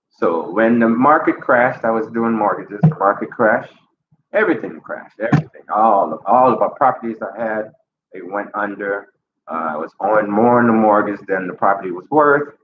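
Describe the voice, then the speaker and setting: A middle-aged man from Jamaica, raised in Chicago, talking in a relaxed, rambling way in a casual vlog, repeating his phrases. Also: lowish voice. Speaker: vlogger. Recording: echoey, dull, noisy ambience.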